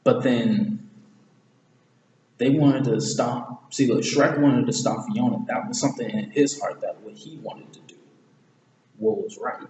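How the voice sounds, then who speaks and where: A man's voice: mid-range voice, steady tone, measured pace, darkish tone. Rambling man reviewing a film in an echoey room. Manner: rambling, self-correcting, slangy. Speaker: movie reviewer. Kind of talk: casual film analysis. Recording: echoey room with long reverb, faint hiss.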